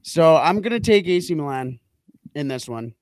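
A man's voice: a little high, expressive, moderate pace, no echo. A man co-hosting a casual football podcast, rambling through his picks with many restarts and repeated words. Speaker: podcast co-host. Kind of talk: casual sports betting chat.

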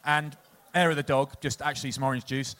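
A man's voice: medium pitch, fairly even intonation, a little fast, a bit bright. An English man in his forties, a former rugby player, telling long, rambling comic anecdotes to a live audience and laughing at his own stories. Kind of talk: live comedic storytelling.

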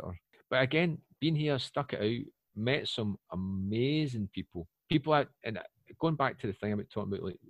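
A British man in his forties, chatting casually and telling rambling, animated stories with lots of fillers. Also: mid-range voice, moderate pace, dry recording, lo-fi sound. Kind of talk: casual chat. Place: lives in Poland.

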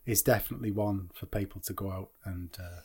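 A man's voice: deep voice, fairly even intonation, breathy edge. A man co-hosting a casual film podcast, agreeing and laughing easily as he talks through favourite lines. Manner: easygoing, agreeable, quick to laugh. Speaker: podcast co-host.

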